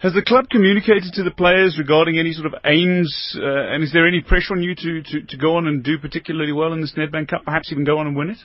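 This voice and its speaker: A man's voice: a little high, steady tone, quick pace, few pauses, dry recording. A man hosting a radio sports show, asking long questions with small repeats. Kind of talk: radio sports interview and news. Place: radio studio. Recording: dull, dry radio studio sound.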